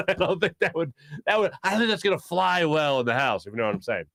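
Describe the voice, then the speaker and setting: A man's voice: fairly high pitch, lively intonation, fast, fairly bright tone, no echo, clean studio sound. A man hosting a sports talk show, chatting casually in a rambling way with lots of fillers. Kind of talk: casual sports radio chat.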